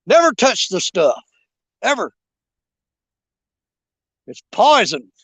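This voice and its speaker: Older fishing host: high, lively voice with a bouncy pitch, joking and rambling with live viewers, laughing often. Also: male voice, takes it slowly, breathy edge, no echo. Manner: jokey and rambling, laughs a lot. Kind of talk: casual live-stream chat. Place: outdoors at a creek.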